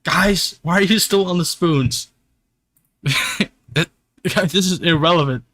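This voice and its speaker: A man's voice: on the high side, a little slow, pushed and bright, no echo. A young man streaming live, ranting casually to his chat with frequent swearing. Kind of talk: casual livestream rant.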